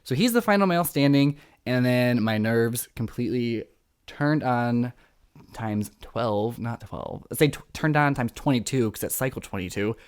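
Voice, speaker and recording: Young man, podcast host, casual recap, excitable, dramatic. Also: mid-range voice, moderate pace, clear, resonant tone. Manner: excitable, dramatic, acts out quotes.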